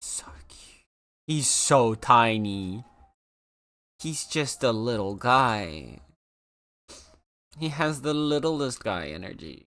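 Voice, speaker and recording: Brief: easygoing streamer, slow unhurried delivery, gushing exclamations, coos at animals. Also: medium pitch, lively intonation, fairly bright tone. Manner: talks to pets in a cooing voice. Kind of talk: casual chat with viewers.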